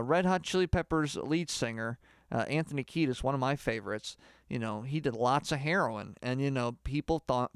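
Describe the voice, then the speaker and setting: A man giving a deadpan mock singing lesson, rambling and halting with lots of filler words. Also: medium pitch, creaky, clear, resonant tone, no echo, studio quality. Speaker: comedy mock singing teacher.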